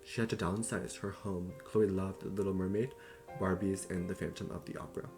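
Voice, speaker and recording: Young guy with a real deep voice chatting thru a book summary, lots of um and right, guitar music going in the back. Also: fairly even intonation, fairly quick. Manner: loose and chatty, with fillers and self-corrections. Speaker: book reviewer. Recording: clear music playing behind.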